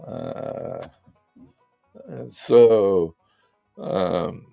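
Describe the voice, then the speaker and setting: Socal guy rambling on his live show, gravelly voice, faint music behind. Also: sits low, drawn-out words, mellow, no echo. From Southern California. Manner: rambling, laid-back, talks straight to viewers. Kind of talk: casual live-stream chat.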